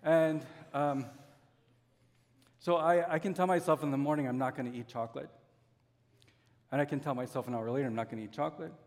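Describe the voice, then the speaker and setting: Pastor preaching in a reverberant hall. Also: male voice, fairly high pitch, fairly even intonation, a little mellow. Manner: earnest, with slow drawn-out emphasis and homely examples. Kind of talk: sermon.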